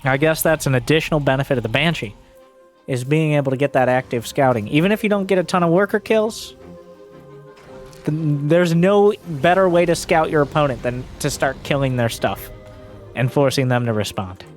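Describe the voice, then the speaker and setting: A man giving solo play-by-play commentary on a strategy game, getting excitable and shouting when fights break out. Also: moderate pace, faint music behind. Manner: excitable, voice jumps high and shouts during fights. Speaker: esports caster.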